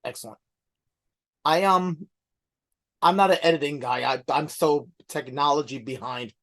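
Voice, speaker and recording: Middle-aged male co-host, halting, relaxed delivery. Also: on the high side. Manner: hesitant, many ums and restarts. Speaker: podcast co-host. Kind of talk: casual chat.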